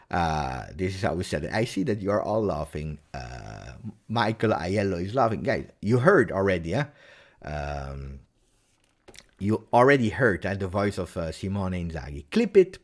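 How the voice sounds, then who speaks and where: A man with an Italian accent hosting a live football reaction stream, talking casually and joking, with many "uh"s. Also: fairly low pitch. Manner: animated, joking, halting with "uh"s.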